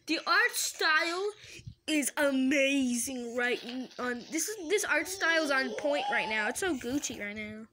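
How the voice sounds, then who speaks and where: A young woman or girl excitedly reacting to cartoon fan art in a casual, gushing way, full of exclamations and slang. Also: sits high, unhurried.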